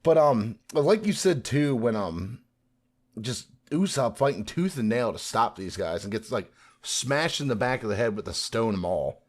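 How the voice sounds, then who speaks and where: A man co-hosting a podcast in casual chat, animated, recapping scenes and acting out quoted lines. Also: mid-range voice, a little slow. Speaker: podcast co-host.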